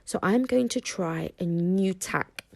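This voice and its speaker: A woman's voice: lowish voice, slow pace, vocal fry, no room sound. A woman reading aloud and voicing a frustrated young Viking boy, exasperated and pleading. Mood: resigned.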